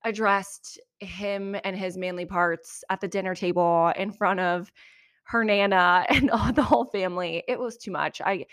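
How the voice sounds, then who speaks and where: A woman hosting a podcast, giving a chatty, animated recap of reality TV with lots of asides. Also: medium pitch, normal speed, smooth, no room sound, studio quality. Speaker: podcast host.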